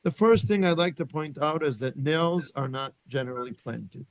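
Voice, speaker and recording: A man's voice: fairly high pitch, normal speed, no echo. Man lecturing a Torah class, dry sound. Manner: thinking aloud, with many restarts and questions to the class. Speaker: rabbi teaching a Torah class. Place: synagogue study room.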